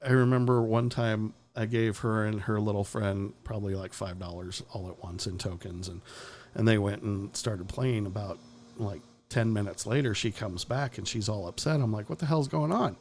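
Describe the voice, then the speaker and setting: A man's voice: lowish voice, fairly even intonation, normal speed, a little mellow. A man hosting a podcast, giving blunt, profane opinions in casual talk and chuckling often. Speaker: podcast host.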